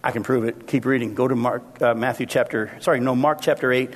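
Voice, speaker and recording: A man preaching a sermon as pastor, animated and acting out the voices he quotes. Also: mid-range voice, quick pace, husky. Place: church sanctuary. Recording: long reverb of a church hall.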